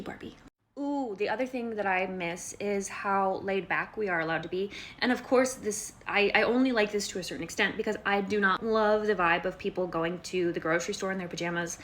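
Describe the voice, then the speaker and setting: A woman in her twenties from Colorado, chatting in a casual vlog and filling her talk with "like" as she acts out other people. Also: a little hiss or hum. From Colorado, United States. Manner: chatty, heavy use of "like", acts out quoted people in higher voices. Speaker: vlogger. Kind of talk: casual talking-to-camera vlog.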